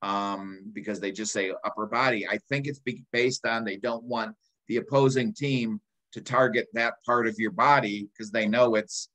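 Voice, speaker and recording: A man in his sixties talks in a loose, rambling way as a podcast co-host. He fills pauses with ums and uhs and often breaks off mid-phrase before pressing on. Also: lowish voice, fairly even intonation, a bit bright, poor audio. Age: 60s. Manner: rambling, many ums and uhs, self-interrupting. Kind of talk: casual chat.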